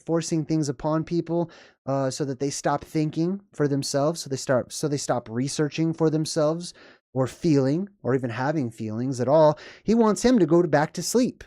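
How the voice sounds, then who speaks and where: A man's voice: on the high side, mellow, dry recording, clean studio sound. A man giving casual, rambling commentary on a horror movie and often checking in with "right?" and "okay?". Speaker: video commentator.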